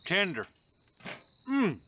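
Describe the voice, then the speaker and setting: A man talks through an outdoor cooking vlog in a folksy drawl. His voice sits a bit high and bright. Faint insects and country air hum behind him. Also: wildly swooping pitch, extremely slow. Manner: folksy, drawling, says y'all often. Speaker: homestead vlogger. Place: outdoors on a rural homestead.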